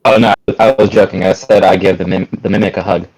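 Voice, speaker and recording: A man playing a tabletop game over a video call, cracking jokes. He talks fast, in a fairly low voice. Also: little pitch movement, darkish tone, slightly rough, rough recording. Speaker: player.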